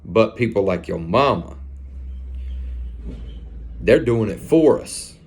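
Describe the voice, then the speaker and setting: Hardened male ex-con, casual and profane, flat-out matter-of-fact, as a storyteller puts him on. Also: fairly low pitch, slow pace, slightly rough, exaggerated voice. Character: hardened male ex-convict gang member, blunt.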